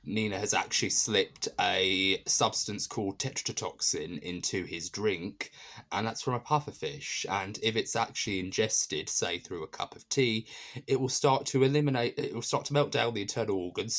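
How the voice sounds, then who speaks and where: A man with a low voice reviews a TV episode in a loose, chatty way. He wanders through his points and keeps stopping to restart or fill gaps with ums. He comes across earnest and keen on the episode. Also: moderate pace, fairly bright tone. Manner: rambling, many fillers and restarts. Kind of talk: casual spoken episode review.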